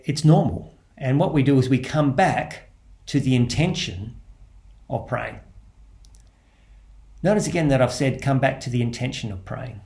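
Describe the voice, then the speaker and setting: A man with an Australian accent, a priest giving a gentle spoken reflection on prayer, repeating key phrases and restarting as he thinks aloud. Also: mid-range voice.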